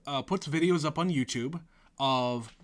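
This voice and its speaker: A man co-hosts a relaxed movie podcast. He talks in an easygoing way and often chimes in with brief agreement. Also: fairly high pitch, a little slow. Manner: easygoing, many short agreeing replies. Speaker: podcast co-host. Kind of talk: casual movie-discussion chat.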